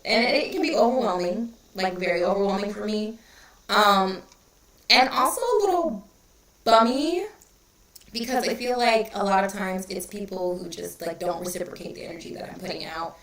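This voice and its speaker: Woman, spiritual reader hosting a relaxed livestream, chatty and candid, in a roomy, echoey space. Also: medium pitch, normal speed. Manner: chatty and candid, greeting viewers by name, drops to a whisper at times. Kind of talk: casual livestream chat.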